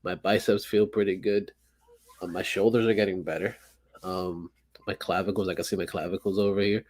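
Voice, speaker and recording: A young man co-hosting a podcast, laid-back and swearing freely, chiming in with quick agreement. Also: deep voice, fairly even intonation, darkish tone. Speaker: podcast co-host. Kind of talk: casual chat.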